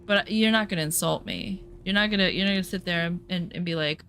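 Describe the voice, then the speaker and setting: A woman's voice: fairly low pitch, fast talker, few pauses, a bit bright. A young adult woman streaming and telling a story in casual chat, sarcastic and profane, over faint music. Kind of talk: casual chat while gaming.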